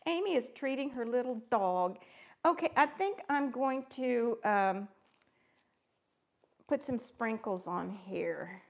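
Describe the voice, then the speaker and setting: A woman's voice: a little high, expressive, slow, gravelly. A woman hosting a live crafting stream, chatting in an upbeat, friendly way and greeting viewers by name as she works. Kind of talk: casual live-stream chat while crafting.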